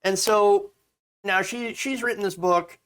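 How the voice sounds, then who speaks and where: A man hosting a casual political commentary video, talking in a sarcastic, animated way with lots of fillers. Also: high voice, a little slow, clear, resonant tone.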